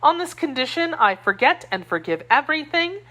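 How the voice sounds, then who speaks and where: A woman's voice: high voice, sing-song, fairly quick, pushed and bright, pitched above the performer's own voice, exaggerated voice. A woman voicing a spirited young wife loyal to her queen, indignant and scornful, in an audiobook reading.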